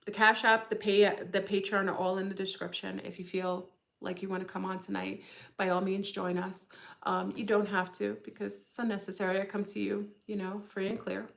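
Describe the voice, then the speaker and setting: A woman's voice: medium pitch, little pitch movement, a little fast, gravelly. Rambling woman hosting a livestream. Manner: rambling, musing aloud, speculative; often checks in with listeners. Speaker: livestream host. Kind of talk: casual livestream talk.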